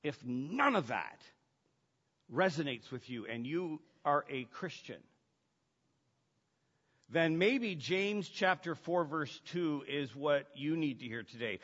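A man preaching a sermon, shifting between hushed, intimate lines and loud, emphatic ones. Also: on the high side, lively intonation, slow pace. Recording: dull sound with long hall reverb.

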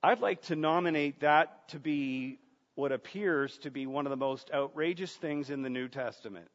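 A man's voice: on the high side, moderate pace. A man preaching a sermon as pastor, earnest, asking rhetorical questions and repeating words as he goes. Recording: dull sound, long reverb of a large room.

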